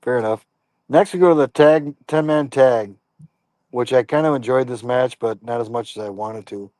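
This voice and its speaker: A man's voice: medium pitch, normal speed, darkish tone, no echo. A man co-hosting a wrestling podcast, recapping a show in a laid-back, hesitant way. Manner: easygoing, hesitant, lots of ums and fair enoughs. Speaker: podcast co-host.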